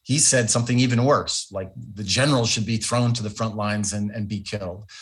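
A man's voice: fairly low pitch, brisk, fairly bright tone. Emphatic middle-aged man guest. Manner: thoughtful, emphatic, with fillers and restarts. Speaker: interview guest, former ambassador. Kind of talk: radio interview.

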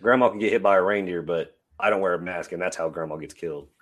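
A man's voice: deep voice, fast. A man co-hosting a casual podcast chat, joking along in an easygoing way. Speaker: podcast co-host.

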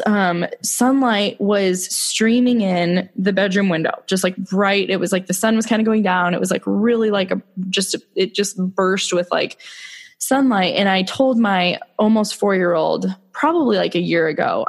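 A woman's voice: medium pitch, moderate pace, gravelly. A woman in her thirties, a mother, talking casually about prayer and faith on a podcast, with lots of filler words and heartfelt storytelling. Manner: chatty, many fillers, emotional storytelling. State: tearful when moved.

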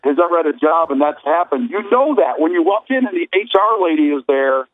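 Podcast guy telling a story, high voice, keeps laughing, acts out quotes. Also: expressive, brisk, phone-quality sound. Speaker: podcast co-host. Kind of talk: casual storytelling.

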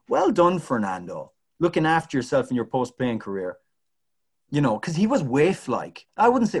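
A man co-hosting a casual sports podcast, bantering in a wry, joking way. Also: a little high. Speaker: podcast co-host.

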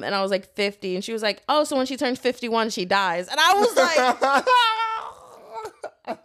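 Animated young woman telling stories. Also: high-pitched, moderate pace. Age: young adult. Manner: animated storytelling, swearing, laughing. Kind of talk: casual chat.

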